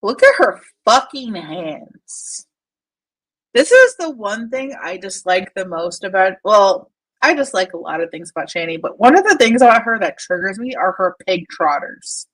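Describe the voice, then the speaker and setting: A woman's voice: medium pitch, very animated, moderate pace, low-quality recording. A woman hosting casual commentary over a shared screen, mocking, swearing and laughing often. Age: adult with a young daughter. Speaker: commentary channel host.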